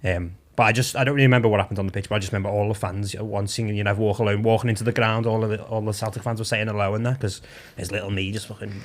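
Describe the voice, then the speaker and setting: A man with a soft Scouse accent, a guest comedian chatting casually on a podcast, rambling, laughing often and trailing off mid-sentence. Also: on the low side, fairly even intonation, rapid-fire, hardly any pauses.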